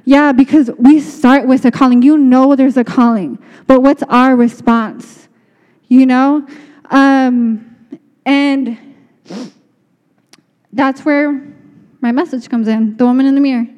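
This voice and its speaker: A woman preaches in an earnest, chatty way, often restarting her sentences. Her voice sits high but sounds mellow, and a long hall reverb trails after her words. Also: steady tone, unhurried. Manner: earnest, conversational, many restarts. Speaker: speaker. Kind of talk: sermon.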